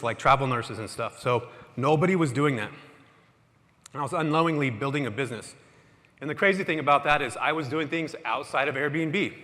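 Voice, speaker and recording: A man giving an energetic, casual motivational talk to a live audience in a large hall, often quizzing the crowd. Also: fairly high pitch. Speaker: conference speaker. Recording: echoey hall with long reverb.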